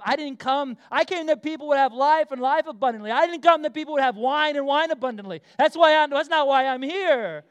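Animated, conversational male pastor. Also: very high voice, a little fast, hardly any pauses. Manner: animated and conversational, many asides and fillers. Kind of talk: sermon.

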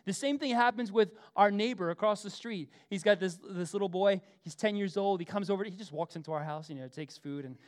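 A middle-aged man preaching a sermon, swinging between loud emphasis and soft, conversational asides, often repeating himself as he goes. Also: high voice, fairly quick, few pauses. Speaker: pastor.

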